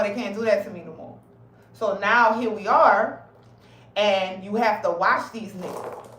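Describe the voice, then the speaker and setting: A woman's voice: fairly high pitch, reverberant, recorded from a distance, a little hiss or hum, low-quality recording. Profane, heated woman ranting on a livestream. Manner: profane, blunt, animated, talks fast and heated. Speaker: health advocate streamer. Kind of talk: casual live-stream rant.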